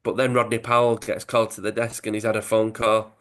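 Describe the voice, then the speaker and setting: A man's voice: fairly low pitch, flat delivery, a little fast, fairly bright tone. British man casually recapping a comic. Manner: rambling recap with fillers and asides. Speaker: podcast host retelling a comic. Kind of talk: casual chat.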